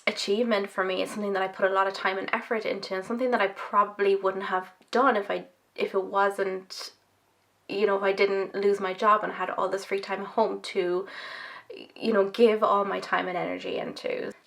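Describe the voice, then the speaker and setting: A young woman talks through a relaxed Q&A vlog while applying her own makeup at home. She rambles from one thought to the next, full of fillers and self-deprecating asides, with a gravelly fry under her mid-pitched voice. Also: a little fast. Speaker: makeup YouTuber. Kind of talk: casual chatty Q&A vlog.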